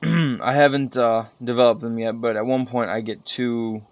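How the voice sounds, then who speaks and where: A young man giving casual, profanity-laden commentary over strategy game footage, rambling and getting animated when he recalls frustrating moments. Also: medium pitch, moderate pace, dry recording. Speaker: gameplay commentator.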